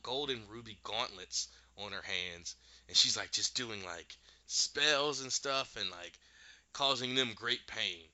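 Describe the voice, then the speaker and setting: A man's voice: on the low side, bright, forceful tone, dry recording, dull audio. A man casually recapping a show, animatedly retelling scenes and acting out the characters' lines. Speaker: podcast host recapping a show.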